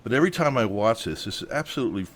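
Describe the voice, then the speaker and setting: A man's voice: mid-range voice, sing-song, very fast, slight background noise. Indignant man hosting a commentary show. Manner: indignant, worked up. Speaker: host.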